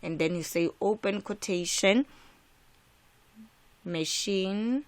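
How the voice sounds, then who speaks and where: A woman from South Africa, slow-paced and medium-pitched, gives an exam revision lesson. Her delivery is emphatic, circling back to key points, with frequent filler restarts.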